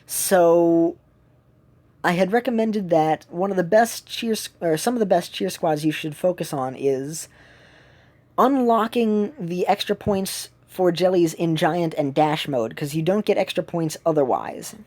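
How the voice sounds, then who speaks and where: Low mellow-voiced woman chatting while she plays, lots of uhs, at home. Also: expressive, measured pace. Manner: rambling, many fillers and restarts. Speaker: streamer. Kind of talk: casual gameplay commentary.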